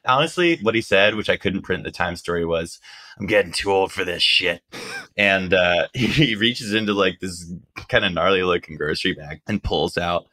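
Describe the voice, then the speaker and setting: A man's voice: low voice, normal speed, hardly any pauses. A man, a journalist guest, telling a story casually and animatedly, with lots of "like". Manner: animated, acts out quotes, lots of "like".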